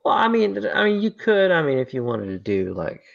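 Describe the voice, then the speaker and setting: Gravelly co-host on a muffled mic. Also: medium pitch, sing-song, a little fast. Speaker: podcast co-host. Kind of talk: casual chat.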